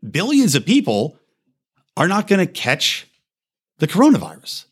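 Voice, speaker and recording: A man's voice: sits high, wildly swooping pitch, moderate pace, slightly rough. A man hosting a podcast, delivering a heated, profane rant with emphatic, wide swings in his voice. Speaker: podcast host. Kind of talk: ranting monologue.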